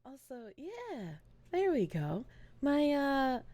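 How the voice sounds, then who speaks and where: Lively, high-voiced woman streamer. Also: takes it slowly, no room sound. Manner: chatty, swears freely, laughs often. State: groggy morning voice. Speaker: live streamer. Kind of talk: casual livestream chat.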